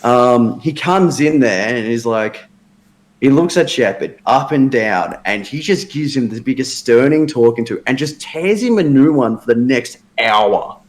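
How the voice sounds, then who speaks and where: A man's voice: medium pitch, animated, a little slow. Tired man telling wrestling stories. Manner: joking storyteller, crude banter. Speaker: show regular, wrestler. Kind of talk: casual chat.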